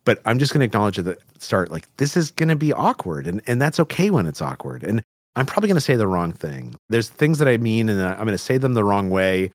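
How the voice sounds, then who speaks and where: A man from New Mexico explains how conversation works, his pitch rising and falling in lively swings. He speaks in a dry, close studio sound with no room around him. He often checks in with a quick "right?" and scatters "like" through his sentences. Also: no echo. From Albuquerque, New Mexico, US. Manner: explanatory, animated, frequent "right?" and "like". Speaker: guest expert on communication. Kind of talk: conversational interview.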